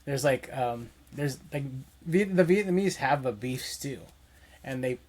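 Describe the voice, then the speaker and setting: Husky guy rambling on a podcast, like like like, middle pitch. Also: animated, unhurried, darkish tone. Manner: rambling, full of fillers like "like". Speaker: podcast co-host. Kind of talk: casual podcast chat.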